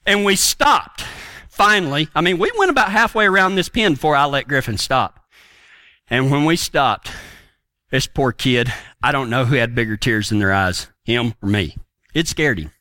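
A man's voice: medium pitch, lively intonation, normal speed, bright, forceful tone, no echo. A middle-aged man and horseman preaching through a folksy, earnest story in a rambling way.

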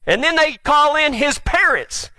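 Lively high-voiced male preacher. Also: unhurried, no echo. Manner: animated storytelling, acts out the quoted speakers; drops to a quiet, earnest tone for the appeal. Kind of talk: sermon.

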